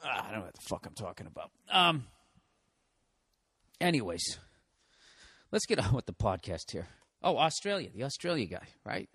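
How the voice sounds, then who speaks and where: A man's voice: mid-range voice, sing-song, moderate pace, pauses often, fairly bright tone, breathy edge, no room sound. A man in his forties with a Boston accent, hosting a podcast alone, telling profane, self-mocking stories with lots of restarts. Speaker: podcast host. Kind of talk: casual rambling monologue.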